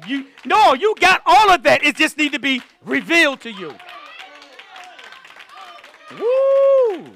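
Man, pastor, sermon, high voice, animated, call-and-response. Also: a little hiss or hum. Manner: preaching call-and-response, repeating phrases. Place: church.

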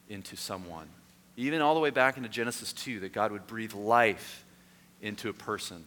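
A male pastor delivers a sermon, alternating lively, animated anecdotes with hushed, earnest appeals. His voice is bright and forceful, somewhat low. It rings with long reverb in a large hall over a faint hum. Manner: animated storytelling, voices and shouts in anecdotes, then quiet and earnest.

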